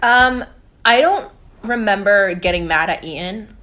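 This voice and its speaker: A woman's voice: mid-range voice, slow pace. Chatty young woman telling stories. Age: young adult. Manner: animated storyteller, laughs often, filler-heavy. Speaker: podcast guest. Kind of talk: casual chat.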